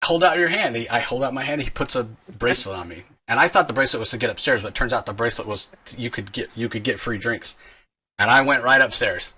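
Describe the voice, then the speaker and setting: A man's voice: medium pitch, quick pace, slightly rough. A man hosting a podcast, telling a long, rambling story in casual chat. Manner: rambling, animated storyteller with restarts. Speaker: podcast host.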